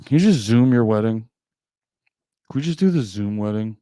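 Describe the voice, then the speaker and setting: A man's voice: on the low side, lively intonation, moderate pace, mellow, dry recording. Profane, joking male streamer. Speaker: live streamer. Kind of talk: casual live-stream chat with viewers.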